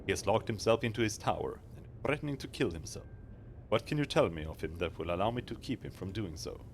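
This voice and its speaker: A man's voice: fairly low pitch, expressive, fast talker, a little hiss or hum. A man streaming a fantasy role-playing game, reading its dialogue aloud and joking about it in a playful, casual way.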